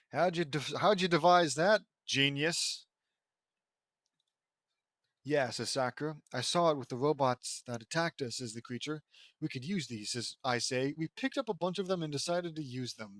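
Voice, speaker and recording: Man, slightly high voice, dry close sound; reads fan fiction with sarcastic asides and stumbles. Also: a bit bright, dry recording. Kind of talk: mocking dramatic reading with commentary.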